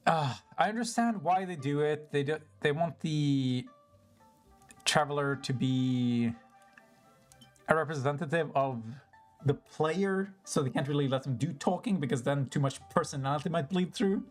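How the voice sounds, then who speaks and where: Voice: mid-range voice, a little slow, pauses often, soft background music. A game streamer chatting casually while playing, self-mocking and rambling, swearing now and then, and breaking into laughter often. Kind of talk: casual live-stream commentary over gameplay.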